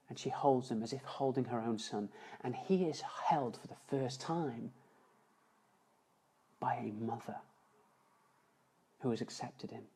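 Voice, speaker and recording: A man telling an emotional story as a motivational speaker on a live stream, earnest, slowing and dropping softer for emphasis. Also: mid-range voice, husky, poor audio. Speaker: motivational speaker and seminar founder. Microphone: phone or webcam on a live stream.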